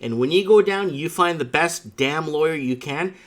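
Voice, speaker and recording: A man's voice: fairly high pitch, normal speed. A man hosting a livestream, chatting with a caller and telling stories in a rambling, emphatic way with frequent asides. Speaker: livestream host. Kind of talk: casual chat with a caller.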